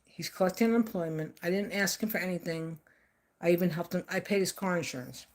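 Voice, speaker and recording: An older woman rambles emphatically on a live stream, speaking off the cuff and often repeating herself. Her voice is on the low side and darkish, and she talks a little fast.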